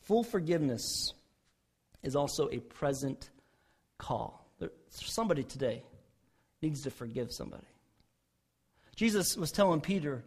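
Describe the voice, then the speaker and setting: A man preaching a sermon as pastor, rising loud when voicing prayers and dropping soft for quiet appeals. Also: on the high side, expressive, normal speed, long pauses, slightly rough.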